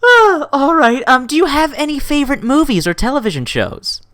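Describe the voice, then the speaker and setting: An enthusiastic woman hosts a casual interview, gushing over her guest and tripping over repeated words. Her pitch swoops and bounces, and the recording is dry and close with no room sound. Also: big pitch swings, moderate pace, a bit bright, dry recording. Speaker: show host and interviewer.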